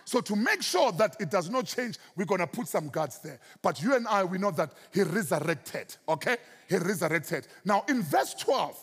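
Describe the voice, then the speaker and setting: A South African man preaching a sermon as pastor, swinging his pitch and stretching out key words for emphasis. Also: lively intonation, normal speed, few pauses, fairly bright tone, husky, in a large hall.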